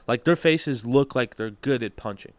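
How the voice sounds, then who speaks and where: A man's voice: mid-range voice, moderate pace, dry recording. A man telling stories in casual podcast chat, swearing a lot and acting out what others said. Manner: animated storyteller, heavy swearing, acts out quotes. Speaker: comedian guest.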